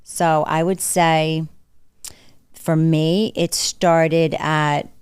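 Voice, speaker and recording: A woman in her forties with a very low, smooth and resonant voice, speaking as a podcast guest. She is frank and chatty and talks in quick bursts. Her voice sounds dry and close, with little room sound. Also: level tone, no room sound. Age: 40s. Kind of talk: candid casual conversation.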